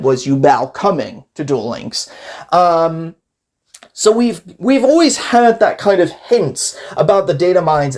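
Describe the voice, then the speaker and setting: This is a casual, rambling commentary voice, animated and easily amused, that acts out scenes from a card game story with quick quoted voices. The pitch sits in a middle range.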